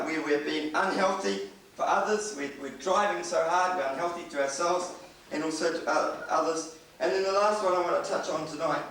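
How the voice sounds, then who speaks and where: A man from New preaches a sermon with anecdotes in a church, speaking earnestly and conversationally and often restarting his sentences. His voice is a little high and a bit bright, captured from far off in an echoey church hall with faint noise.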